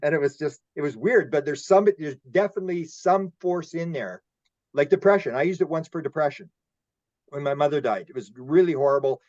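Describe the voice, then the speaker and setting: A man's voice: on the high side, lively intonation, brisk, a little mellow, no echo, muffled recording. A man speaking as a guest in a casual roundtable discussion, rambling and repeating words as he tells his stories.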